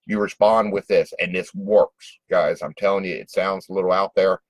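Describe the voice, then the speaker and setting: A man talks straight to small business owners in a folksy, direct way, often acting out both sides of a customer call. His voice sits fairly low, and the recording is dry and close. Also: fairly even intonation, fairly quick, no echo, poor audio. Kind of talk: casual advice monologue.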